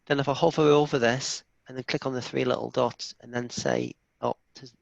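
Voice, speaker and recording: A man presenting a software demo in a live online session, enthusiastic and chatty, often restarting his sentences. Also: medium pitch, fairly even intonation, a little fast, gravelly, dry recording. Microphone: video call. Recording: dull lo-fi video call audio.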